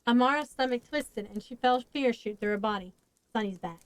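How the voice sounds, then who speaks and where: A woman streamer reading a novel aloud with steady storytelling narration on a close mic. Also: fairly high pitch, fairly quick, no room sound, rough recording.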